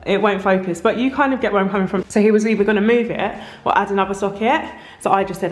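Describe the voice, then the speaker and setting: A woman vlogging casually about her house renovation, talking frankly and in a rambling way, a little croaky from tiredness, filmed on a handheld phone camera. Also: medium pitch, fast talker, few pauses. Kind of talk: casual vlog chat. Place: empty house under renovation. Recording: echoey empty room, faint noise.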